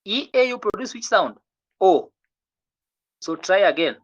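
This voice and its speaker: A teacher runs an online French pronunciation lesson, coaxing students to keep trying and repeating each word slowly for them to copy. The audio is muffled and lo-fi, and the voice sits in an ordinary middle pitch. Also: big pitch swings. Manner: patient, encouraging, repeats words slowly for drilling.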